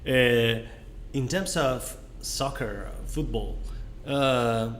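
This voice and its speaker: A man's voice: mid-range voice, extremely slow, slight background noise. Hesitant man. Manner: hesitant, searching for words with many uhs. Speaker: wine tasting co-host. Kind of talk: casual online tasting chat.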